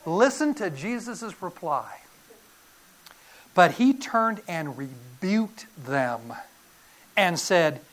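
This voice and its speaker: Middle-aged male preacher; animated, folksy sermon delivery with sharp swings from loud to hushed. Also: high voice, very slow, long pauses. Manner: animated, folksy storytelling with sudden loud bursts and quiet drops. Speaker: pastor.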